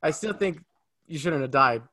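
A man's voice: a little high, animated, moderate pace, bright, forceful tone. A man co-hosting a casual film review podcast, emphatic and ranting in friendly chat. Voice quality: married.

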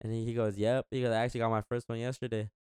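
A man's voice: mid-range voice, level tone, very fast, dark tone, clear, resonant tone, no room sound, studio quality. Slangy young man telling a story. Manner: rambling, slangy, acts out quotes. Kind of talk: casual storytelling chat.

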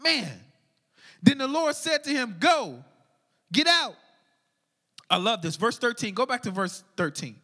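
A man preaching a lively sermon, swinging from shouts down to near whispers, full of casual slang. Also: extremely high pitch, a little slow, pauses often, in a large hall. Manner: energetic, shouting and dropping to a hush, casual slang. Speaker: pastor.

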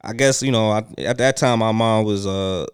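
A man telling a school story in casual chat, animated and laughing, acting out the people he quotes. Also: lowish voice, normal speed, smooth. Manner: animated, acts out voices in quoted lines, laughs often.

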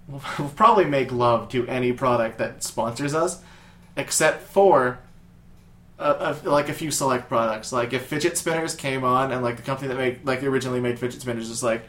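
A man co-hosting a podcast in casual comedic chat, rambling and profane, breaking into shouted bits. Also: mid-range voice, fairly quick. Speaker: podcast co-host. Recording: echoey room.

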